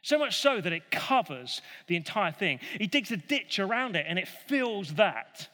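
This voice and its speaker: Animated man telling a Bible story. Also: high voice, normal speed. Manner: animated, jokey asides. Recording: long hall reverb.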